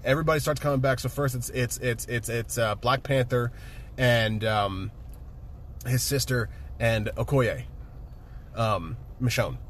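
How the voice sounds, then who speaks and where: A man casually retelling a movie with excitement, swearing freely and laughing often. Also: medium pitch, measured pace, slight background noise. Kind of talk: casual chat, movie recap.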